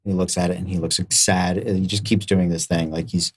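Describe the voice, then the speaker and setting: A man's voice: deep voice, little pitch movement, brisk, husky. A man narrating as game master of a live-streamed tabletop game, rambling loosely with many fillers.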